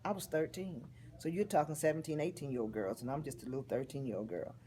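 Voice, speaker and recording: A woman, telling a personal story in an interview in a heartfelt, expressive way. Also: low-pitched, fast, slight background noise. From Texas. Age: 50s.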